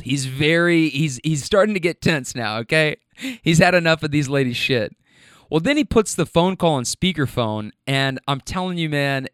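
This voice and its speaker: A man, a rideshare driver, telling a story in a casual, animated way with casual swearing. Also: a little high, clear, resonant tone, no room sound, studio quality.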